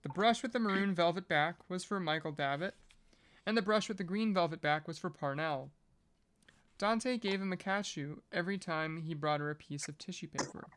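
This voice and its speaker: A podcast reader reading a novel aloud at a measured pace, breaking off now and then for casual joking asides. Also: mid-range voice, a bit bright, smooth.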